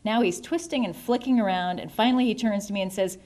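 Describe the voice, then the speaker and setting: A woman narrating a novel in the first person, wry and measured. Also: mid-range voice, darkish tone. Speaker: audiobook narrator.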